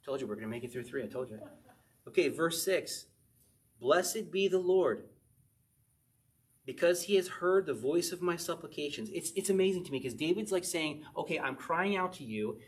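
A man's voice: on the high side, animated, normal speed. A man preaching a verse-by-verse sermon in a conversational way, often acting out quotes in short little voices. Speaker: pastor.

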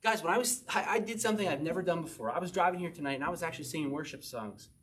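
Guy pastor preaching, kinda high voice, fast stories then slow bible reading. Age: adult, married. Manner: animated preaching, shifts between fast asides and slow emphatic verse reading. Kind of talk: sermon.

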